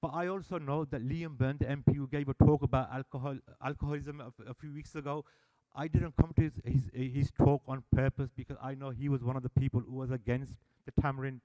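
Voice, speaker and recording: Guy telling stories at a meeting, mellow warm voice, acts out the back and forth. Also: medium pitch, fairly quick, hardly any pauses. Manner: animated storyteller, acts out dialogue. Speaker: service user speaker at annual meeting. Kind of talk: public speech telling stories. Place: meeting hall.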